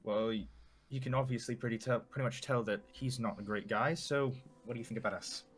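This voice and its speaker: A man's voice: medium pitch, steady tone, a little fast, soft background music. A man playing in a tabletop game, tossing in joking asides at the table. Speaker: player. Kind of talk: casual chat at a game table.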